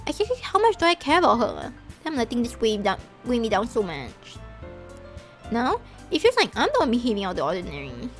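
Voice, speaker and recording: A woman streamer reading a visual novel aloud as she plays, animated and emotionally reactive. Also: a little high, fairly quick, soft background music.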